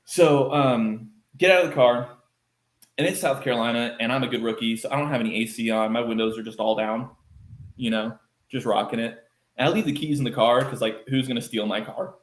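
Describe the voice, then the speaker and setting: A man from Texas, a podcast guest, telling a story in a casual, animated way, acting out quoted lines with lots of fillers. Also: mid-range voice, a little fast. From Texas, United States. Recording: roomy echo.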